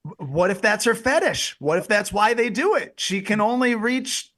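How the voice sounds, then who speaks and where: A man's voice: high voice, lively intonation, moderate pace, fairly bright tone. A man co-hosting a comedy podcast, riffing on absurd scenarios with laughter. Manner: spins goofy what-if scenarios, laughing. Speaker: podcast co-host. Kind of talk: casual comedic chat.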